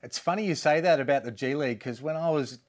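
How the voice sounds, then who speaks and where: A man's voice: on the high side, quick pace. An Australian man hosting an interview, matey and chatty. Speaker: host. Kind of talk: casual interview.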